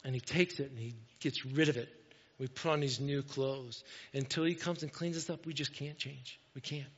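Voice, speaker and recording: A man preaching a sermon in a church, earnest and repetitive, moving between loud urging and quiet, hushed moments. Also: medium pitch, fairly even intonation, normal speed, breathy edge. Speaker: pastor. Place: church sanctuary. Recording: dull echoey church hall.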